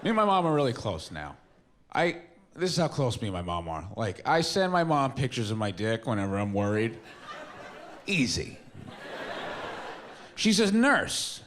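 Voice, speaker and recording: A man doing stand-up, rambling and self-deprecating, breaking into sudden shouts. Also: on the low side, sing-song, moderate pace. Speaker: stand-up comedian. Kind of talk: stand-up storytelling. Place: stage with a live audience. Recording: live stage recording with faint room noise.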